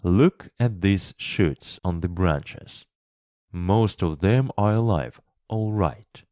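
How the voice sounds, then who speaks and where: Guy reading as a kind country boy, gentle and steady, low mellow tone. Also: slow pace, no echo, clean studio sound. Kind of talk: storybook reading for English learners.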